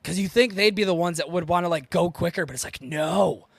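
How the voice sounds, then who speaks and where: A man's voice: high-pitched, fairly quick, vocal fry, dry recording. A man from Michigan co-hosting a casual podcast, blunt, profane and joking. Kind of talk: casual chat.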